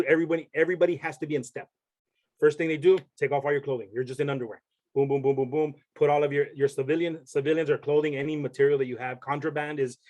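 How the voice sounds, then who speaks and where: A young man, a podcast guest, telling a story in casual chat and rambling with many restarts. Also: a little high.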